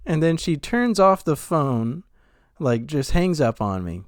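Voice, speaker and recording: A young man co-hosting a casual podcast, an animated storyteller who laughs often. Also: fairly high pitch, a little slow, no echo, clean studio sound. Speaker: podcast co-host.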